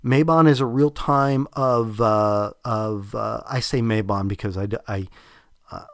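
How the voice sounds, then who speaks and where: A man's voice: fairly low pitch, steady tone, unhurried, no room sound, studio quality. A man with a Southern US accent hosting a podcast, talking in a rambling, reflective way with many fillers and restarts. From American South. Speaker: podcast host. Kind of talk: casual spiritual podcast talk.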